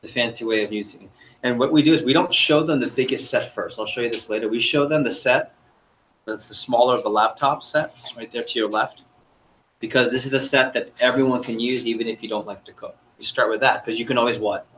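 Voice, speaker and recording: A man's voice: mid-range voice, fairly quick, a bit bright, a little hiss or hum. Man coaching a sales seminar. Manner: quizzes the audience, upbeat and chatty. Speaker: sales trainer. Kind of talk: interactive training seminar talk.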